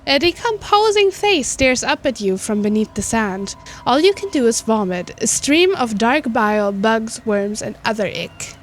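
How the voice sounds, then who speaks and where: A woman's voice: on the high side, lively intonation, measured pace, slight background noise. A woman reading a dating game's text aloud as a teasing, well-spoken narrator voice in the player's head. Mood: eerie storytelling.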